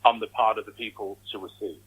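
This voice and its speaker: A man's voice: lowish voice, flat delivery, fast, breathy edge, phone-quality sound. A man telling his story as an interview guest, animatedly acting out the reactions he quotes. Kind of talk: conversational interview.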